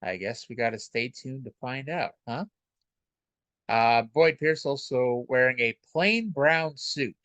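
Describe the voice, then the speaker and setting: A man's voice: medium pitch, unhurried, a bit bright, no room sound. A man talks through an old wrestling show in a loose, rambling podcast voice, wry and full of fillers. He sits close to the mic in a dead, dry space. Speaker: podcast host reviewing old wrestling shows. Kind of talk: casual solo podcast recap.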